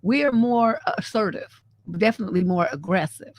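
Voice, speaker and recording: A woman relationship coach hosting a live stream, talking in a blunt, sassy, profane and animated way. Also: mid-range voice, normal speed. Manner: animated, laughs often. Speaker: relationship coach and show host. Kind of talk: casual live-stream commentary.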